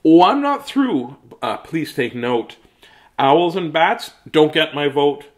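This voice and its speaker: A man's voice: a little high, expressive, takes it slowly. A man reading children's picture books aloud in a playful, jokey way, with asides to viewers. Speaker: children's book reader.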